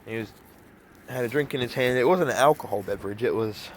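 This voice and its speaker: A man's voice: mid-range voice, fast talker, a little hiss or hum. A man casually telling a rambling story to the camera, with many fillers and restarts. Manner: rambling, filler-heavy retelling. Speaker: vlogger.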